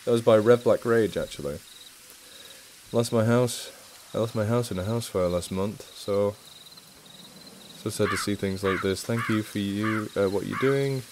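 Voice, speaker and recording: A man with a mixed northern English accent hosts a casual live stream Q&A in a fairly low voice. He chats eagerly about animals and swears without a second thought. A faint noise sits under the recording. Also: a little slow, pauses often. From England. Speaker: charity live stream host.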